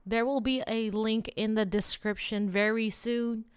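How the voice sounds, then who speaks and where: A woman with a higher-pitched, smooth voice speaks at an unhurried pace. She hosts a weekly motivation vlog, addressing viewers directly in a chatty, animated way, rambling, laughing and teasing as she gives a casual motivational talk to camera.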